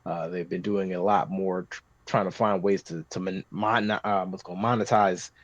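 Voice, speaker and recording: A man chatting casually on a podcast, rambling with many restarts and getting animated when describing scenes. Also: sits low, moderate pace, dry recording. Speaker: podcast guest talking tabletop games. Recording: dry, slightly muffled podcast recording.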